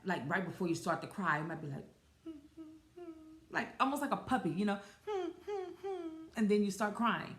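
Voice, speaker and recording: A woman's voice: on the low side, roomy sound. A woman hosting her own podcast, talking casually and giggling often as she addresses listeners as y'all. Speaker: podcast host. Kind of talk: casual solo podcast talk.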